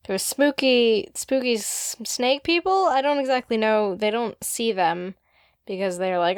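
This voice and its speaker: A woman's voice: medium pitch, steady tone, moderate pace, clear, resonant tone, dry recording, clean studio sound. A young woman co-hosting a podcast, chatting casually about a book and hedging with many fillers. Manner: hesitant, many filler likes. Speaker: podcast co-host. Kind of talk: casual book discussion chat.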